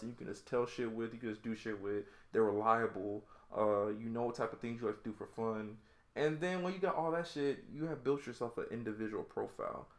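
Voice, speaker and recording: A man's voice: on the low side, reverberant. A young man with an Atlanta accent who co-hosts a podcast and rants loosely in slang, telling stories in quoted voices. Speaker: podcast co-host. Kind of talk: casual chat.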